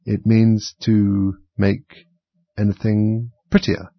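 A man's voice: on the low side, little pitch movement, slow, vocal fry, no echo, dull audio, exaggerated voice. A man voicing a polite, curious little girl in a storybook reading, with raised, eager questions.

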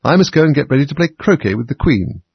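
A man voicing a haughty, bad-tempered noblewoman who talks shrill, impatient and loud. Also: expressive, quick pace, gravelly, husky, no room sound, dull audio, heavily acted. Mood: brusque.

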